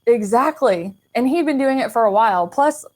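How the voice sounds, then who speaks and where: A woman's voice: fairly high pitch, lively intonation, normal speed, a little mellow. A young adult woman from the American Midwest, a podcast guest, telling her personal story in a frank, chatty way with lots of "like" and casual swearing. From Kansas City, Missouri, US.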